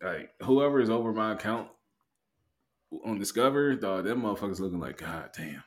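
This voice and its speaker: A man's voice: lowish voice, brisk. A man co-hosting a podcast in loose, profane casual chat, laughing often. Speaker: podcast co-host.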